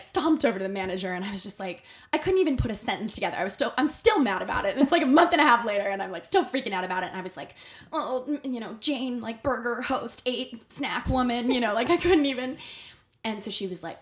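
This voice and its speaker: Guesting on a podcast, a young woman tells a workplace anecdote casually and energetically, using lots of fillers and performing the dialogue. Her voice sits a little high.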